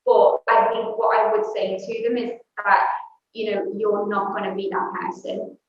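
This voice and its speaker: A woman guest sharing her personal story candidly and a little hesitantly, with soft laughs. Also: medium pitch, level tone, moderate pace. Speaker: interview guest. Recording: echoey, distant, dull remote audio with faint noise.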